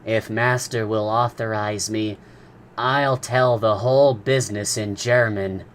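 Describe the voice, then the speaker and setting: A man's voice: fairly low pitch, steady tone, unhurried, slight background noise, close to an everyday voice. A man reading a novel aloud, voicing a serene, polite manservant. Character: calm, deferential manservant, adult man, philosophical.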